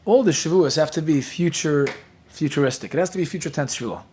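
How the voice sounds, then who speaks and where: Lively rabbi teaching Talmud, fairly high voice. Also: male voice, quick pace, husky. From Williamsburg, Brooklyn. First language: Yiddish. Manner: lively, joking, mixes Hebrew and Yiddish terms into English. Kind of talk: Talmud class.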